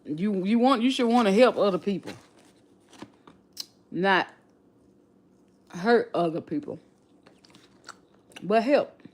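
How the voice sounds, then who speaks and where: A woman with a regional accent talks slowly and unhurriedly in a casual livestream chat. Her voice sits at a middle pitch, and she muses aloud, circling back and restarting her sentences as she thinks. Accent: non-local regional accent. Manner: reflective, repeats and restarts phrases. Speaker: livestream host.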